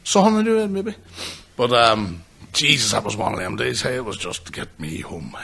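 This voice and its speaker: A man's voice: mid-range voice, sing-song, normal speed, vocal fry, sharp tone, breathy edge. A man, co-hosting a podcast and telling stories in casual, sweary chat, often laughing. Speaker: podcast co-host.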